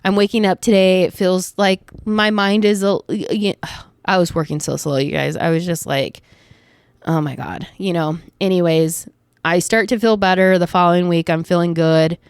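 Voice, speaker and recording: A woman's voice: on the low side, fairly even intonation, moderate pace, clear, resonant tone, no echo. A young woman vlogger chatting casually to her viewers, telling a story with lots of fillers and quoted asides. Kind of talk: casual chat to camera.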